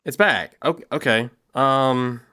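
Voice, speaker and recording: A man's voice: medium pitch, a little slow, sharp tone, clean tone. A man livestreaming while he works, chatting casually and thinking aloud to his viewers. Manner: rambling, thinks aloud, talks to chat.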